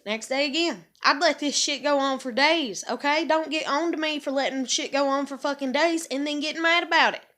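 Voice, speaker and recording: Woman in her thirties, high bright voice, angry profane venting vlogger. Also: a little fast, few pauses. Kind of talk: angry confessional rant.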